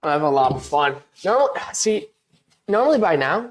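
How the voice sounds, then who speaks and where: A woman's voice: low voice, very animated, moderate pace. A woman live streamer in casual chat with her audience, rambling with lots of restarts, laughing at herself while she paints a wall. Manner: self-deprecating and laughing easily.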